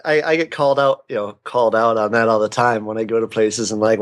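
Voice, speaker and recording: A man's voice: fairly low pitch, fairly even intonation, fast. A man co-hosting a podcast, chatting casually and joking, with frequent laughs. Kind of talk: casual chat.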